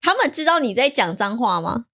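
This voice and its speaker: A woman from Taiwan with a Taiwanese Mandarin accent, co-hosting a casual chat, giggly and expressive and mixing in English words. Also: a little high, brisk. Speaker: podcast co-host.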